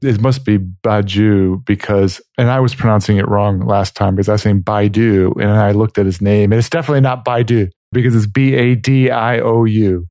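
A man with a somewhat low voice asks probing, thoughtful questions in a casual podcast discussion. The sound is dry and close, with no room around it. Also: fairly quick, hardly any pauses, a little mellow, dry recording. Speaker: podcast co-host.

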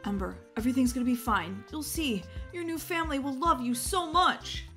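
A woman voicing a gentle young father in a game role-play, hushing and soothing his baby. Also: on the high side, measured pace, faint music behind, lightly acted.

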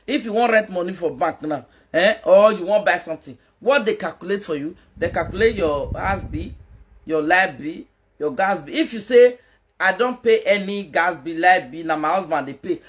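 A woman's voice: mid-range voice, breathy edge. A Nigerian woman doing a casual live-stream gossip rant as a social media commentator, mocking, laughing and scolding.

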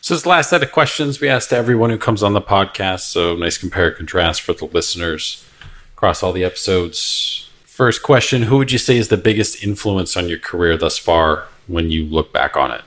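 A man hosting a podcast, reading questions aloud in a steady, conversational way. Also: deep voice, fairly quick. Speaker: podcast host. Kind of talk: interview questions.

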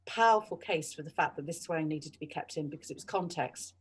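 A middle-aged woman, a radio journalist, telling lively anecdotes in a podcast interview. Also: deep voice, quick pace, husky. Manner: animated, mimics colleagues' voices. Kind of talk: storytelling interview chat.

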